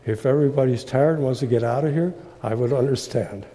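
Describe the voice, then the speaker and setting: A man preaching a sermon slowly and emphatically, breaking into loud sung refrains. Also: mid-range voice. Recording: long hall reverb.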